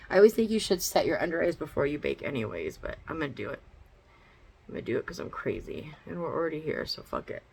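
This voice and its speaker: This woman talks fast in a low, husky, creaky voice with a sing-song lilt and a darkish tone. She's a beauty vlogger doing a casual get-ready-with-me chat from her bedroom, bluntly walking through each makeup step and cursing freely. The recording is low quality.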